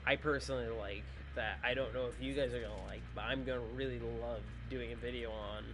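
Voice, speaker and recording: A man's voice: mid-range voice, steady tone, fairly quick, hardly any pauses, a bit bright, slight background noise. A tired man hosting a gaming channel, chatting loosely through his video outro in a rambling, self-joking way. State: sleepy, tired. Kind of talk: casual video outro chat.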